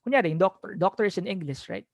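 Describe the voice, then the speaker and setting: Filipino-accented teacher trainer, mid pitch, explaining step by step on a video call with a dry sound. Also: expressive, rapid-fire, no echo. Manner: explanatory, switches between English and Tagalog, checks in with "okay?". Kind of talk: online teacher-training lecture.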